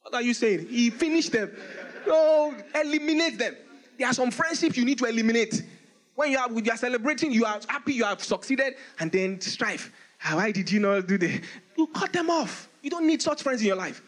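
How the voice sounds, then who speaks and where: A male pastor preaches a lively sermon in a very high-pitched voice at a brisk pace. He reads scripture aloud in old-style English and laughs often.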